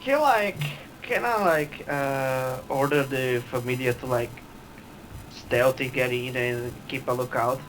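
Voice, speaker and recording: A man's voice: mid-range voice, takes it slowly, fairly bright tone, a little hiss or hum, rough recording. A man playing a tabletop game who hesitates and asks the game master a lot of questions. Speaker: player. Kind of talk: casual tabletop play.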